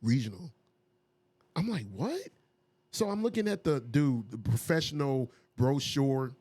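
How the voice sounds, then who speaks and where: A man's voice: unhurried, no room sound. A man, a music producer and DJ, telling stories casually in an interview, acting out what people said. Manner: animated, acts out quotes with raised pitch.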